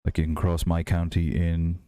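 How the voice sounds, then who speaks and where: Low, flat-voiced Irish man chatting. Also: normal speed, no room sound. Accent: softened Irish. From Ireland. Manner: rambling, relaxed, many fillers and restarts. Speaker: livestream host. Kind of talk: casual chat while building and reading chat.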